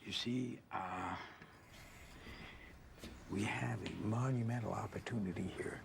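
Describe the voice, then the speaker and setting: An actor playing a calm man who speaks in a measured, persuasive way. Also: lowish voice, gravelly, background noise.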